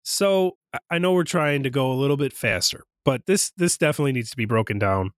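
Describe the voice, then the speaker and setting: A young man casually recapping a movie on a podcast, animated and acting out quoted lines. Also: medium pitch, fast talker, dry recording, clean studio sound. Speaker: podcast co-host.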